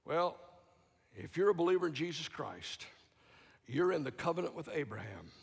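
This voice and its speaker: Brief: dramatic male preacher, raspy edge, big sanctuary reverb. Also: on the high side, sing-song, moderate pace. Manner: dramatic, swings from loud to hushed. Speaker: guest preacher. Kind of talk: sermon. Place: large church sanctuary. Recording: long church reverb.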